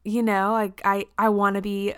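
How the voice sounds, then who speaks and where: A young adult woman hosting a podcast, chatting casually, bubbly and quick to laugh, with lots of "like". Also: mid-range voice, little pitch movement, clean tone, dry recording, studio quality. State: pregnant. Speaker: podcast host. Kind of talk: casual chat.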